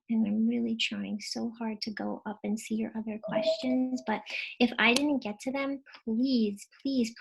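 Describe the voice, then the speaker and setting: A woman teacher talks through a live webinar in an upbeat, casual way. Her voice is gravelly and a bit husky, set slightly high. She thanks viewers warmly and mutters to herself while wrestling with the software. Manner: bubbly, thankful, mutters to herself while fixing tech trouble.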